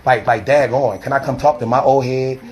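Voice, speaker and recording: A man, a street preacher arguing defensively outdoors by a church, talking fast and repeating himself, filmed on a handheld phone. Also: medium pitch. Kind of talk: heated confrontational street talk. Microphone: handheld phone camera.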